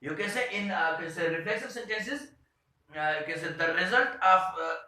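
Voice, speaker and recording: A man teaching an English grammar lesson, speaking haltingly with many "uh" and "you can say" fillers. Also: sits high, expressive, pushed and bright. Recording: very echoey room.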